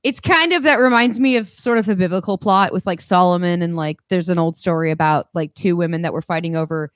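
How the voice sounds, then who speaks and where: A woman co-hosting a podcast in casual chat, animated and acting out quotes. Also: on the low side, fairly quick, no room sound, studio quality. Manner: animated, acts out quotes with laughs. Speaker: podcast co-host.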